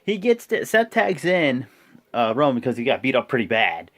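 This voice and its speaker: A man's voice: medium pitch, very animated, normal speed. A man talks through events in a loose, chatty recap. His voice swings up and down a lot. He stumbles, corrects himself and jumps into quoted voices. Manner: rambling, self-correcting, acts out quotes. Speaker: wrestling show reviewer. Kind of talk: casual play-by-play recap.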